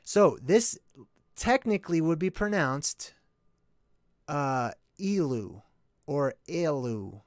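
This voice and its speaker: Guy rambling through a casual livestream explainer, keeps asking "right?", voice sits a bit high, dry close sound. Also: lively intonation, slow pace, long pauses, clean tone, no echo. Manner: thinks aloud, checks in with "right?"; rambling, self-correcting. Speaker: channel host.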